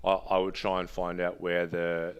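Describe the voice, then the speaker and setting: A man's voice: low-pitched, monotone, normal speed, clean tone, highs cut off. A man co-hosting a podcast, chatting casually and rambling through stories, often restarting his words. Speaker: podcast co-host. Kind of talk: casual chat.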